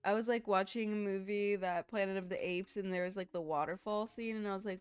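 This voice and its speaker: A woman's voice: medium pitch, fairly even intonation, brisk, hardly any pauses, clean tone, dry recording. A woman chatting casually with her viewers on a live stream, rambling from one thing to the next.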